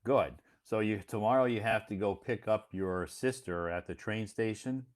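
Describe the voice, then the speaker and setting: A man from the United States with a very low voice talks on a casual live stream. He speaks slowly and patiently and repeats key words so that learners can follow. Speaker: live stream host and English teacher. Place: home in Beijing.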